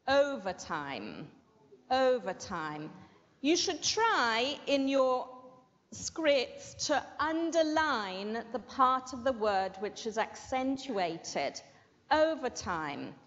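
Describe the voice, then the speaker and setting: A woman teaching an English vocabulary and pronunciation lesson, slowly stressing syllables and checking in with "okay?". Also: sits high, expressive, a bit bright. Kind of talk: classroom language lesson. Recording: muffled with long hall reverb.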